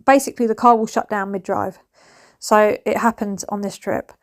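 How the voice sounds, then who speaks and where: A woman's voice: mid-range voice, fairly even intonation, normal speed. A woman, chatting casually and rambling through a home vlog with laughing asides. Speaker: vlogger. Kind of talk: casual chat.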